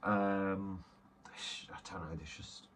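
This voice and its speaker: A man's voice: deep voice, steady tone, slow pace, fairly bright tone, a little hiss or hum. A man chatting casually and self-deprecatingly as he unboxes and reviews beers, rambling with many fillers. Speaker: beer reviewer.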